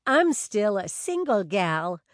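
A woman's voice: big pitch swings, takes it slowly, no room sound. Lady doing a perky new blonde, squealy and flirty, dry close mic. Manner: high, giggly, flirty. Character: flirty single New Yorker woman.

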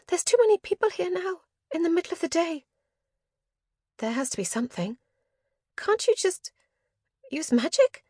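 A woman voicing a frightened young woman in an audiobook, pleading in a hushed way. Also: very high-pitched, sing-song, moderate pace, long pauses, dry recording, clean studio sound, pitched above the performer's own voice. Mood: scared pleading. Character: frightened young woman trapped in a lord's house. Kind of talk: audiobook character voice.

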